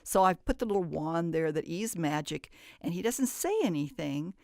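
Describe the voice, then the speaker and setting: A woman's voice: on the low side, animated, moderate pace, darkish tone, no echo, studio quality. A woman teaching a phonics lesson, patiently explaining step by step and stressing the sounds she demonstrates. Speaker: reading teacher.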